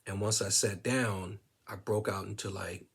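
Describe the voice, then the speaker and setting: A man casually telling a personal story to his viewers, relaxed, with many fillers and quoted bits of dialogue. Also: fairly low pitch, normal speed, breathy edge. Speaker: vlogger sharing a personal story.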